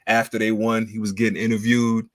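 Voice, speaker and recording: A man with a lowish voice co-hosts a sports chat. He is laid-back and hesitant, pausing often on filler words as he works through his point. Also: completely flat delivery, dry recording.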